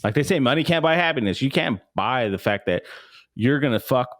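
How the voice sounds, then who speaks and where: A man co-hosting a podcast, talking in a casual, animated way, swearing freely and acting out what people said to him. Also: medium pitch, brisk. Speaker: podcast co-host. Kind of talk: casual chat.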